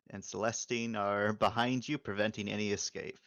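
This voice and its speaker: A man narrating a tabletop game as game master, halting and stammering as he restarts his questions. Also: lowish voice, steady tone, fairly bright tone, no echo.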